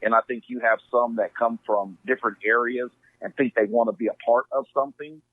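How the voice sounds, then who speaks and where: Speaking fairly quickly in a mid-range voice with fairly even intonation, this Southern Californian from Inglewood chats on a podcast. He comes across earnest and sincere, leans heavily on fillers, and sounds tinny and phone-like with no echo.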